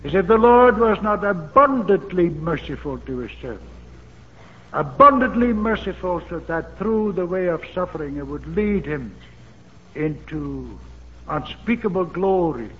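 A man preaching a sermon, emphatic and repetitive, with fervent exclamations. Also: fairly high pitch. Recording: dull old sermon tape in a reverberant hall with faint hiss.

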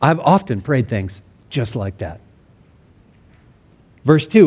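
A man's voice: a little high, sing-song, slow pace, pauses often, darkish tone. A man preaching a sermon in an earnest, conversational way, acting out sample prayers in his own words. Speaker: pastor.

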